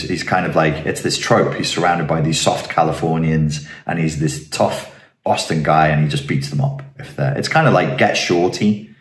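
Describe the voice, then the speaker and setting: Low-voiced man musing in a roomy space. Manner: earnest, digressive, rising to emphatic rhetorical questions. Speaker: philosophy channel host. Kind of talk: reflective monologue. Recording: roomy echoing room.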